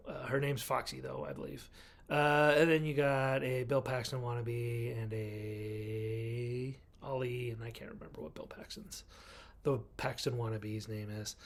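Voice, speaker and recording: Male film reviewer, conversational recap voice, average pitch, playfully mimics characters. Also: a bit bright. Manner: chatty storyteller, acts out characters' lines. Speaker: movie reviewer. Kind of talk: casual movie recap.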